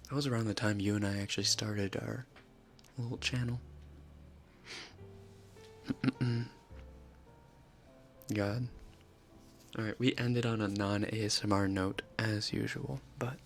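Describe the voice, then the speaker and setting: Soft-spoken playful male ASMR streamer. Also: fairly low pitch, fairly even intonation, takes it slowly, creaky, long pauses, soft background music. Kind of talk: casual ASMR live stream. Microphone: close ASMR microphone.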